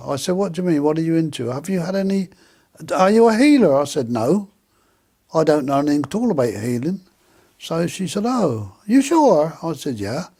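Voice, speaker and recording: A man's voice: medium pitch, a little mellow. A man, animatedly telling a personal story and acting out the voices of people he quotes. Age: 80s. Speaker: interviewee.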